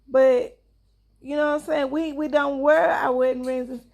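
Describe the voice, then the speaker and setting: Woman vlogger, young mom, high voice with vocal fry, chatty storyteller, talks to viewers directly. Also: fairly even intonation, unhurried, noisy background. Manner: chatty, addresses viewers as y'all, acts out dialogue. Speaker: vlogger and mother. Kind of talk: casual storytelling to camera.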